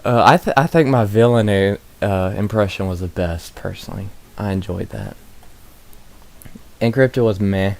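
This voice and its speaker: A man's voice: lowish voice, a little slow, vocal fry. A man chatting casually as a stream guest, laughing often and poking fun at himself. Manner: laughs often, self-deprecating. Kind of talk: casual chat. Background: stream music.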